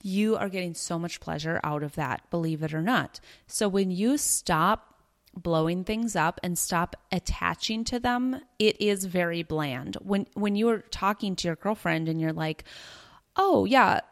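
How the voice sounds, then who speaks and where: Earnest low-voiced woman podcast host. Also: unhurried. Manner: earnest, conversational, repeats herself for emphasis. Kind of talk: casual teaching monologue.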